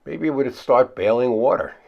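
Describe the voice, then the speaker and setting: A man's voice: expressive, fairly quick, gravelly, lo-fi sound. A pastor preaching a conversational sermon, asking his listeners questions and answering them himself. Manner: acts out the frightened disciples in high pleading voices.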